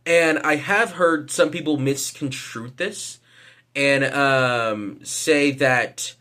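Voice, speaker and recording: A man's voice: medium pitch, sharp tone. A man giving casual vlog commentary, hesitant, with lots of fillers and casual swearing. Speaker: vlogger.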